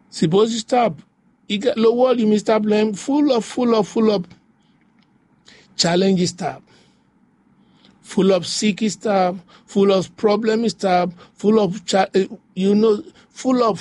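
A man's voice: high voice, darkish tone, no room sound. A man preaching a devotional sermon, repeating phrases in a rhythmic, rising way. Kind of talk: devotional sermon in pidgin English.

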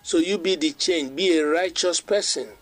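A male preacher, delivering a sermon and reading scripture slowly. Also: a little high, soft background music. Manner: preaches in a creole-mixed English, quoting scripture slowly.

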